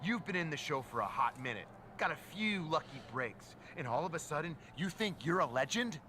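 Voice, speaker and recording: A man's voice: on the high side, big pitch swings, a little fast, pushed and bright, slight background noise. An actor voicing a cocky male wrestler in a game who needles the champion in a mocking tone. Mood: taunting.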